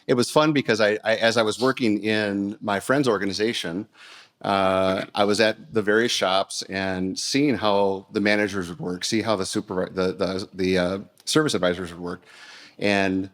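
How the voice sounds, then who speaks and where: A man's voice: on the low side, fairly even intonation, moderate pace, fairly bright tone. A man speaking as a guest in a casual interview, thoughtful and often restarting his sentences. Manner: thoughtful, many restarts and fillers. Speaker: podcast guest, company CEO.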